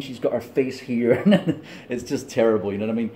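A man's voice: medium pitch, normal speed, mellow, a little hiss or hum. A middle-aged man with a Scottish accent, vlogging in a rambling, digressive monologue, chatty and laughing often. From Scotland.

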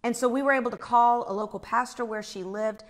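Speaking a little fast in a fairly high voice, a woman animatedly recounts her own faith story. She performs the screams she talks about.

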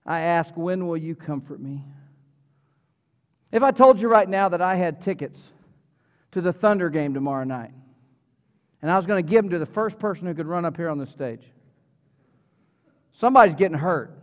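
Middle-aged male pastor, lively conversational preacher, high voice, church hall echo, slightly muffled. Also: normal speed. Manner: animated, conversational preaching with humor and audience asides. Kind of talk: sermon. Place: church sanctuary. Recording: reverberant hall, slightly dull sound.

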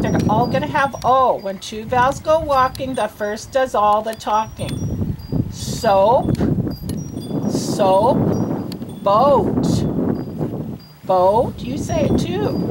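A woman reading teacher reading a storybook aloud to children, patient and encouraging. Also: high voice. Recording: noisy home recording.

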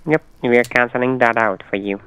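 A man's voice: medium pitch, fairly even intonation, fairly quick, a bit bright, clear, resonant tone, dry recording. A man on a scam call, giving insistent, repetitive instructions. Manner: insistent, repetitive, formulaic phrasing. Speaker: scam caller. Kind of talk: phone call. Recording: muffled dry phone line.

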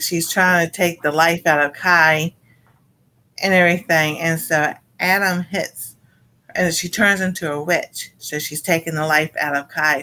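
A woman casually recapping a cartoon episode for a panel show, rambling and halting with many fillers. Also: sits low, pushed and bright, rough recording.

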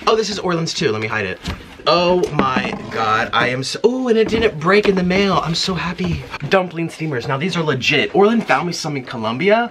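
Excitable man, gushing vlog chatter. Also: a little high. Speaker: mukbang host. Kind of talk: casual vlog chat while unboxing and eating. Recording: noticeable background noise.

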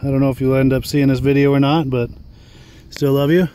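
A man's voice: medium pitch, little pitch movement, brisk, mellow, smooth. A man talking casually in a rambling, chuckling monologue while sitting outdoors on a park bench. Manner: rambling, chuckling, filler-laden. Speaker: vlogger.

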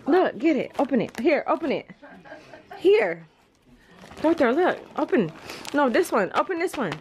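A woman's voice: high-pitched, big pitch swings, moderate pace. A woman vlogger at a family gathering, coaxing her dog in a playful way. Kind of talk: casual home vlog. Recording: noisy room full of family chatter.

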